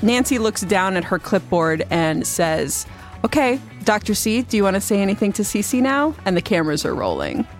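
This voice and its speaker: A woman narrating a tabletop game as game master, in a calm storytelling manner. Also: mid-range voice, normal speed, faint music behind.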